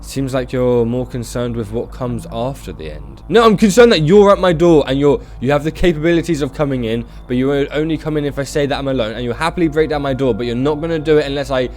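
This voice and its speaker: A man doing casual, joking let's-play commentary with animated reactions. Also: on the high side, fast, few pauses, soft background music. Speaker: gaming YouTuber.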